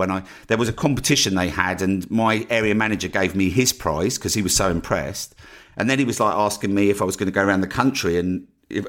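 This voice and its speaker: A man hosting a podcast, telling a story in a chatty way and often checking in with the listener. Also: low voice. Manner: animated, chatty, keeps asking "right?". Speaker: podcast host.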